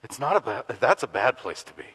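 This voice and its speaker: A middle-aged male pastor preaching a sermon, telling a story with lively laughter and acted-out quotes. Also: medium pitch, a little fast, husky, rough recording. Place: church gathering in a community center.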